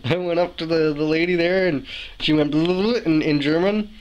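Young man, bit high-pitched, animated storyteller venting to camera at home. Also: brisk, smooth, lo-fi sound. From Canada. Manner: animated, ranting, exasperated asides. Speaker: vlogger. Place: indoors, room with a window. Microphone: camera mic, talking to camera.

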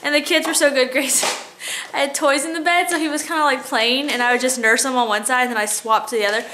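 Young mother, high voice, tired and chatty, sing-song with the kids, home vlog. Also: steady tone, quick pace, noisy background. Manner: chatty, sing-song talk to her toddler. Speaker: mother vlogging family life. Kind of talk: casual home vlog chat. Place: family home.

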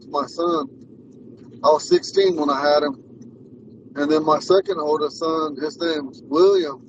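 A man's voice: a little high, a little hiss or hum. A man in his forties, a language teacher, telling rambling stories in a casual lesson. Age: 40s. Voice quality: rambling, repeats himself and restarts. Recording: muffled sound from far off the mic.

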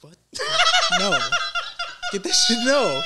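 A man's voice: very high voice, huge pitch swings, takes it slowly, heavy background noise. Incredulous, laughing co-host man. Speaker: podcast co-host. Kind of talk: casual comedic banter.

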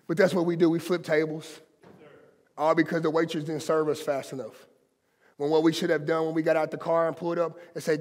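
A man's voice: on the high side, flat delivery, fairly quick, a little mellow, big-room sound. A man preaching a sermon as pastor, impassioned and conversational, with colloquial asides to his congregation. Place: church sanctuary.

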